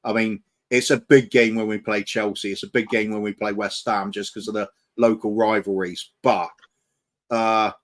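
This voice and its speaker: Speaking at a moderate pace in a fairly low, level voice, a man co-hosts a live fan stream. He chats casually, reflecting and rambling as he restarts often and leans on fillers.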